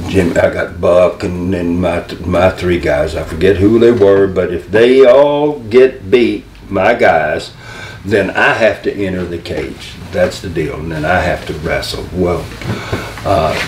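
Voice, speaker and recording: An older man, a former wrestling manager, telling stories in a career interview, animated and rambling, often breaking into laughter. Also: sits low, a little slow, recorded from a distance, noisy background. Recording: roomy echo.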